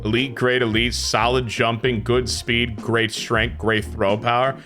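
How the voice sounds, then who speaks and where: A man commenting on his own video game play, excitable and dramatic, swinging from shouts to groans. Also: medium pitch, measured pace, faint music behind. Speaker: gaming YouTuber.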